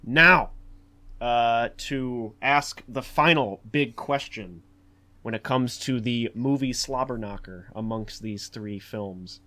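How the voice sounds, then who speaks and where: A man hosting a casual podcast talk about films, rambling with many fillers and restarts, and growing animated as he talks. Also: mid-range voice, slow. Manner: animated, acts out quotes in a raised voice. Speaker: podcast host. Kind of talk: casual film discussion.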